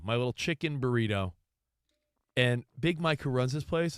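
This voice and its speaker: A man's voice: mid-range voice, lively intonation, normal speed, dry recording, studio quality. A man co-hosting a sports radio show, owning up to his habits in a self-mocking way. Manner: self-deprecating, confessional. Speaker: radio co-host. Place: radio studio. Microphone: studio mic.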